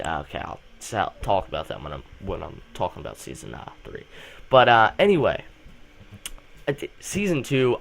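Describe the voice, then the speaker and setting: A young man, a student, hosting a casual fan vlog, rambling excitedly with lots of fillers and restarts while coming down with a cold. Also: lowish voice. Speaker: channel host.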